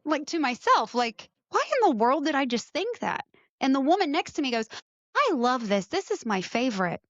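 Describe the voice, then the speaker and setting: A middle-aged woman hosts the chat, spinning her stories with animated quoted asides. Her voice sits fairly high and sounds close and dry. The recording is a little dull and lo-fi. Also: moderate pace, no room sound. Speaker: podcast host. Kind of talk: casual chat.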